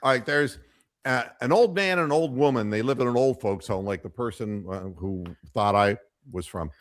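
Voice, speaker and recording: A man hosting a casual postgame radio show, telling off-color jokes in a rambling, halting way full of fillers. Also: mid-range voice, no echo, clean studio sound.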